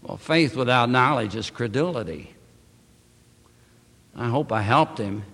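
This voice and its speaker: A man preaching a sermon, reading scripture aloud and speaking to the congregation with emphatic, drawn-out phrasing. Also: medium pitch, animated, creaky, a bit bright. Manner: addresses congregation as beloved. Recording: long hall reverb.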